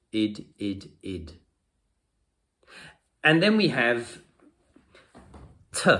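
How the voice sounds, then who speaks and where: A man teaching English pronunciation in a patient lesson, saying example sounds slowly and repeating them. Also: mid-range voice, a bit bright. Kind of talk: slow explanatory lesson to camera.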